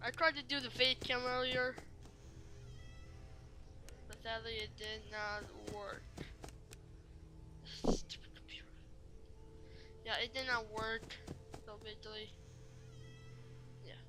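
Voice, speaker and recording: A woman's voice: fairly high pitch, fairly even intonation, measured pace, long pauses. A woman doing let's play commentary, jumpy and rambling, who keeps apologizing to viewers. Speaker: gamer.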